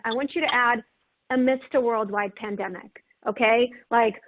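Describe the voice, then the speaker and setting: A woman's voice: on the high side, fairly even intonation, unhurried, a little hiss or hum. A woman panelist giving an encouraging webinar talk, casual and chatty with frequent "right?" and "like". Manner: warm encouraging, many "right?" and "like" fillers. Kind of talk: webinar talk on self-compassion. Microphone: video call. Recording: tinny phone-like call audio.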